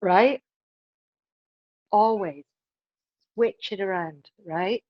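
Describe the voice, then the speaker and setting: A podcast guest with a mid-range voice speaks very slowly, offering relationship advice emphatically and often tagging her points with "right?" The audio is dull but has no echo.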